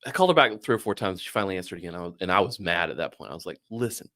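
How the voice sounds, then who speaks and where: Low-voiced man telling a wild story. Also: racing. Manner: animated, swearing, acts out quoted voices. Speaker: podcast guest. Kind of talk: casual storytelling.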